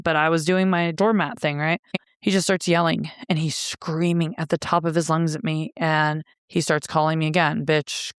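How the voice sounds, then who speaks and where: A woman's voice: low-pitched, smooth, dry recording, clean studio sound. A woman telling her own story as a podcast guest, in a blunt, profane way and with wry laughter. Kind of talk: candid storytelling.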